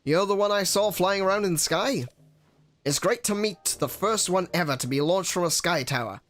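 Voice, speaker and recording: In a fan-voiced game playthrough, a streamer plays a cheery male bird who works as a newspaper reporter, speaking like an old-time American newsreader. The voice is medium-pitched, expressive and a bit bright, pushed upward and lightly acted, at a normal speed. The mood is brisk and upbeat.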